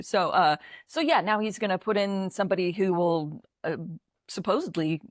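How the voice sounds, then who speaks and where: A woman's voice: mid-range voice, normal speed, no echo. Blunt American woman, dry sound. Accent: American English. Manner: blunt, swears freely, exasperated rants. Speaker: podcast co-host. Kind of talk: casual political chat.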